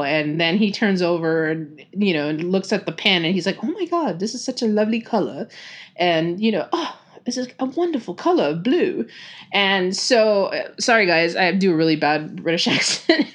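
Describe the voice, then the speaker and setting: A woman with a Texan accent telling fan stories on a casual podcast, chatty and full of fillers and laughs. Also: medium pitch. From Texas. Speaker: podcast host.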